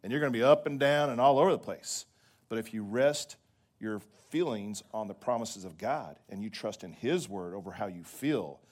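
Man preaching a lively sermon. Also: mid-range voice. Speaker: pastor.

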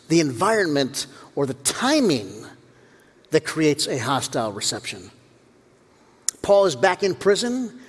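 A man preaching a sermon as pastor, telling the story with humor and acting out voices. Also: a little high. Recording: long reverb of a church hall.

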